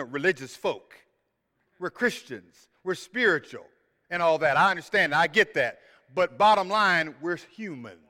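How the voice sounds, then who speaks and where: High-voiced pastor preaching in a reverberant hall. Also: male voice. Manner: earnest, repeats phrases, acts out quoted voices loudly. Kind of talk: sermon.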